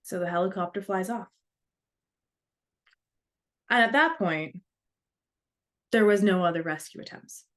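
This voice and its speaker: A woman's voice: medium pitch, unhurried, long pauses. Earnest woman telling a story. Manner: earnest, acts out quoted voices. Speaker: speaker. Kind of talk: storytelling talk.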